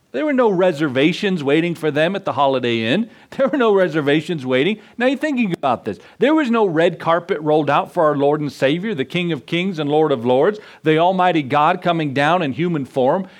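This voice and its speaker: A man pastor preaching a sermon in a conversational way, telling stories and acting out the dialogue. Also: high voice.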